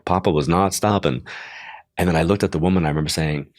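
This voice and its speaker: Older male medium, very deep and close-miked, chatty storyteller who acts out voices in his anecdotes. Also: brisk, no echo. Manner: chatty, full of "like" asides. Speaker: psychic medium. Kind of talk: interview storytelling.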